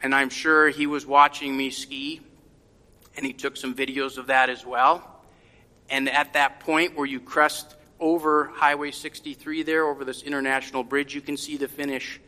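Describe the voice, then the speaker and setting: A middle-aged man telling a reflective personal story to a congregation in a gentle, heartfelt, unhurried way. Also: medium pitch, level tone, big-room sound.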